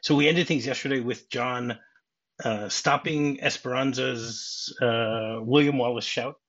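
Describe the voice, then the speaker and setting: A man's voice: medium pitch, fairly even intonation, measured pace, fairly bright tone, muffled recording. A man hosting a casual movie podcast, chatty and laughing often as he talks through scenes. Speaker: podcast host.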